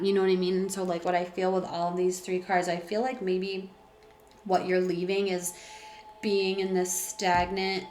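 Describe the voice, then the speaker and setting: A woman's voice: on the low side, roomy sound, a little hiss or hum. A woman giving a casual tarot reading, talking in a rambling way with many fillers and restarts. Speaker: tarot reader.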